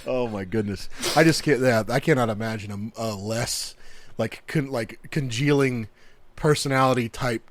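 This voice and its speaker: A man's voice: mid-range voice, normal speed. A man co-hosting a podcast in casual chat, laughing often as he rambles through stories. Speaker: podcast co-host.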